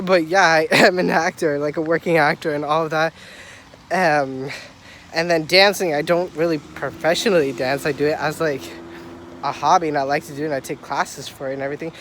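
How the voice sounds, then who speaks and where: A young male vlogger strolls a city street, phone at arm's length, rambling eagerly with profanity while sounding stuffy and winded. His voice is on the high side and his pace moderate, over faint street and traffic sounds.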